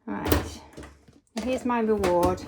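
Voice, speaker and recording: A woman's voice: medium pitch, takes it slowly. A woman chatting casually as a cleaning vlogger, thinking aloud and cheering herself on as she works in her kitchen. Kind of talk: casual chat while cleaning along in real time. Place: home kitchen. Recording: clattering household noise behind.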